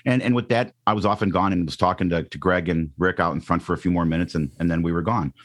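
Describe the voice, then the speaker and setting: A man's voice: low-pitched, fairly even intonation, fast. A middle-aged man from the Chicago area, a radio DJ telling a story in a casual interview, acting out quotes with lots of ums and restarts. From Chicago area, Northwest Indiana. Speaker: radio DJ guest.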